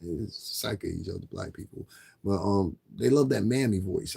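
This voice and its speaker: His voice sits low and sounds gravelly, mellow, and slightly rough, moving at a moderate pace. On a livestream, he goes on a loose, profanity-laced rant, repeating himself often while asking viewers to donate.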